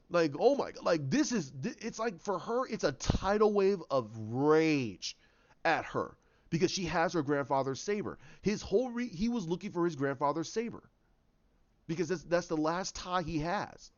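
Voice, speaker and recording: A man giving casual commentary on films, rambling and animated, acting out scenes in voices. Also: fairly high pitch, moderate pace, highs cut off. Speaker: YouTube commentator.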